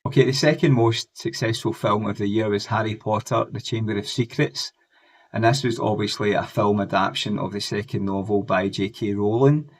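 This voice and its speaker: A man's voice: fairly low pitch, steady tone, moderate pace. A man, chatting in a rambling, enthusiastic way as he looks back on old TV shows and films for his vlog. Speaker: music and pop culture vlogger. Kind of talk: casual nostalgic retrospective.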